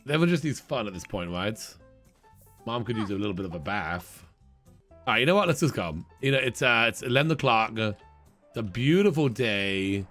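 Man, let's play commentary, chatty, laughing, animated pitch, quick character asides, faint background music. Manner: playful, chatty, often laughing; voices his game characters in quick asides. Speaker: gaming channel host.

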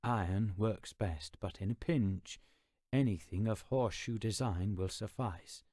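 A man's voice: on the low side, a little slow, darkish tone, no room sound, clean studio sound. A man reading an audiobook, voicing a scholarly, fussy male troll who speaks in formal, elaborate phrases. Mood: explaining.

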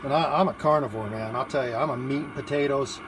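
This food-challenge livestreamer talks fast at a medium pitch, background noise audible behind him. He holds his phone in one hand at an outdoor barbecue grill, chatting casually and rambling, restarting often and using plenty of fillers.

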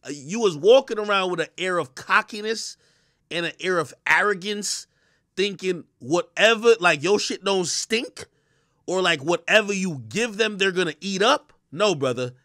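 A man ranting loudly on a live stream, mocking and profane, breaking into shouts and laughter. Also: high voice, dry recording, studio quality. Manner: laughs between jabs. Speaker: streamer host. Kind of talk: live-stream commentary rant.

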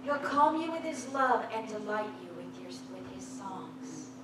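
A woman preaching a sermon in a church, exuberant and often laughing as she rises toward a near-shout. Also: mid-range voice, unhurried. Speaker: guest preacher. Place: church sanctuary. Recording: echoey church hall, distant mic, background noise.

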